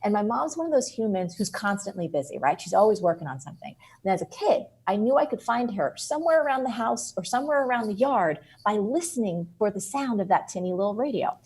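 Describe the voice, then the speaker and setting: A middle-aged woman from New Jersey, a guest author telling an animated story in an interview. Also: mid-range voice, fast, hardly any pauses, husky. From New Jersey, USA. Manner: lively, expressive storyteller.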